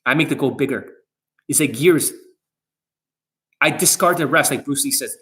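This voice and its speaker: Speaking directly to his viewers, a male dating coach runs through a boastful monologue packed with swearing. His voice is a touch high for a man, his pace is normal, and he is blunt, never softening anything.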